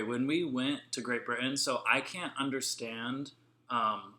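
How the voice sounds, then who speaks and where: A young man chats casually through a live family vlog Q&A. His voice is bright, and he laughs easily as he tells stories. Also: medium pitch, a little slow. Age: young adult. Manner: chatty, laughs often, storytelling. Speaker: vlog co-host.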